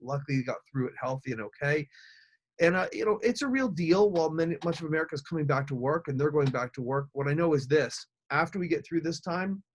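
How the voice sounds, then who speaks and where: Man, speaking coach, live webinar, upbeat and energetic, slightly high voice, video call mic. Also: fast talker. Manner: energetic, upbeat, addressing viewers directly.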